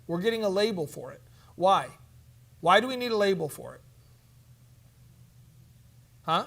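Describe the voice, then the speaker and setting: A man's voice: sits high, lively intonation, unhurried, gravelly, pauses often, a bit bright. A man teaching a church conference session, speaking emphatically, asking the room questions and acting out sample counseling exchanges.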